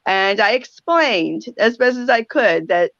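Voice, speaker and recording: An older woman hosts a talk radio show, sharing stories in a reflective, tender way with frequent pauses. Her voice sits at a middle pitch. The recording is dry and slightly muffled. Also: lively intonation, dry recording. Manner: reflective, pausing, softly emotional storytelling. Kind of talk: heartfelt conversational talk.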